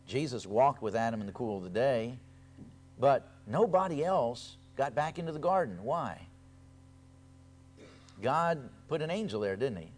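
A man preaching a sermon, reading scripture aloud with raised emphasis and then explaining it in a quieter, conversational way, repeating key phrases. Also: medium pitch.

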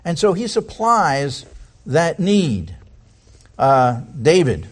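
A man's voice: a little high, sing-song, takes it slowly. A man preaching a sermon, reading scripture aloud and putting many rhetorical questions to the congregation.

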